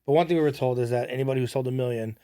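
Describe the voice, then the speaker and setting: A man's voice: medium pitch, very fast, no room sound, clean studio sound. A young man, a podcast guest, telling a story casually and animatedly, quoting people as he goes. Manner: animated, quotes people in his stories.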